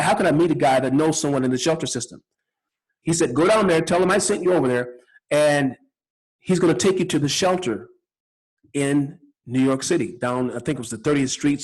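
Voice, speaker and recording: A man's voice: a little high, slightly rough, poor audio. A middle-aged man hosting a podcast, telling a personal story in an earnest, spiritual way, often repeating words. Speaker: podcast host.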